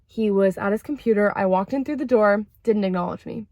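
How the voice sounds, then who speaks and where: A young woman chatting casually to camera about therapy, lively and expressive, acting out quoted lines with big jumps in pitch. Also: fairly quick, dry recording. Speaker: vlogger sharing therapy insights.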